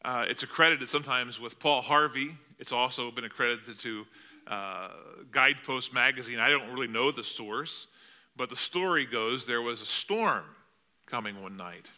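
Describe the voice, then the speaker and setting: A man's voice: medium pitch, moderate pace, sharp tone. A male pastor preaching a sermon in a church, telling a story with vivid, dramatic delivery. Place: church sanctuary.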